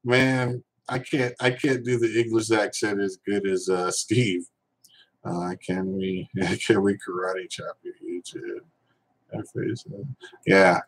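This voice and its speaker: Husky-voiced man chatting on a live stream. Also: lowish voice, fairly even intonation, takes it slowly, poor audio. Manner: rambling, loose, with many fillers and restarts, joking with viewers. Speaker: reseller vlogger. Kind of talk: casual live-stream chat reading viewer questions.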